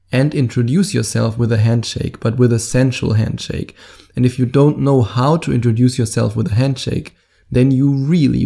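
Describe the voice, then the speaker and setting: A man's voice: medium pitch, vocal fry, warm tone. A man with a German accent, speaking directly to the camera as a dating coach in an upbeat, salesy way with playful asides.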